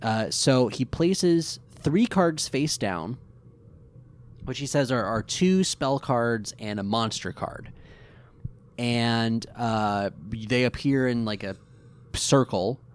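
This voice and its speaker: A man's voice: mid-range voice, takes it slowly. A male podcast host walks through an episode's plot in an easygoing, rambling way, full of "uh" and "like". His voice sits in a middle register but swings up and down a lot as he narrates. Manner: animated, rambling with fillers. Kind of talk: casual recap chat.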